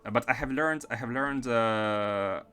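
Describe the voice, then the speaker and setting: A man's voice: mid-range voice, unhurried, sharp tone, smooth. A man from France with an accent mixing French and Russian, thinking aloud as he streams gameplay and chats with viewers. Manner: thinks aloud while planning builds and answering chat. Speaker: game streamer. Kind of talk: live gameplay commentary.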